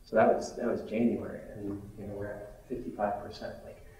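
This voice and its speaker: A middle-aged man lectures doctors in a loose, candid way, with plenty of ums and asides. His voice is mellow and a bit dark. It comes from some distance off and rings around a large echoey hall. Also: lowish voice, level tone, brisk. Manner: conversational, candid, self-deprecating, with fillers. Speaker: physician lecturing on vaccines. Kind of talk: informal medical grand rounds lecture. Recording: echoey hall, mic far off.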